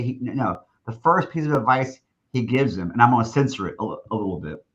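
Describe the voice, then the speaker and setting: A man spinning a long anecdote on a podcast, full of false starts and little acted-out quotes. His voice sits at an ordinary pitch and comes through slightly dull and muffled, like a modest remote setup. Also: expressive, normal speed. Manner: rambling with many restarts, acting out quoted speech. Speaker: guest, stadium announcer. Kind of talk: storytelling in a podcast interview.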